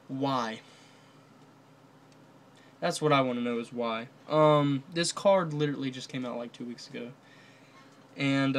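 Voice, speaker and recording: A man's voice: medium pitch, fairly bright tone. A man casually commenting on a card game ban list, rambling with many fillers and restarts. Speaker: card game video host.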